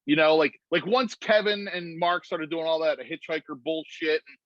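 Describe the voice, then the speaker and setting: A man on a video call, telling a story in a rambling, animated way full of "like"s. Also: fairly high pitch, moderate pace, no echo. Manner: rambling, animated retelling with many "like"s. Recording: muffled video-call audio.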